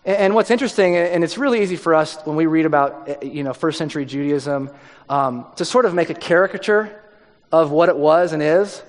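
Guy preaching in a church, chatty, gets real quiet for emphasis, big hall echo. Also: fairly high pitch, a little fast. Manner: conversational preaching, dropping to near-whispers for emphasis. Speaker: pastor. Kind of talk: sermon. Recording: long hall reverb.

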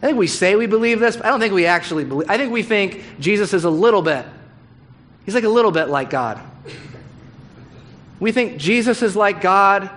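A man's voice: sits high, lively intonation, a little fast, long pauses, a bit bright. A man preaching a sermon as pastor, candid and conversational, with humorous asides. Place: church hall.

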